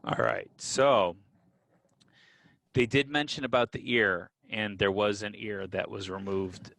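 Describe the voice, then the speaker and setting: A man's voice: fairly low pitch, unhurried, creaky, no echo. Man co-hosting a casual podcast, dry sound. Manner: relaxed, with fillers and restarts, explaining history. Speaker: podcast co-host. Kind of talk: casual conversational storytelling.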